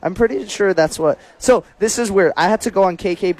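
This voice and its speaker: A man's voice: sits high, fairly quick, a little mellow, rough recording. A man co-hosting a radio show in casual banter, playful and stumbling over his words, laughing often. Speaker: radio co-host.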